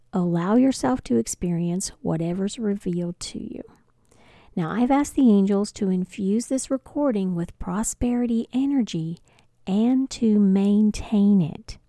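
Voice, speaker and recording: A woman spiritual teacher leading a guided prosperity affirmation, speaking softly and often slipping into a breathy whisper. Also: mid-range voice, dry recording, studio quality. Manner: slow, soft, often breathy whispered delivery.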